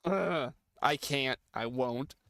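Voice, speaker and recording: A man's voice: mid-range voice, takes it slowly, creaky, a bit bright, clear, resonant tone, no echo, clean studio sound. A man streaming a story game, commenting in an offhand, joking way and swearing casually.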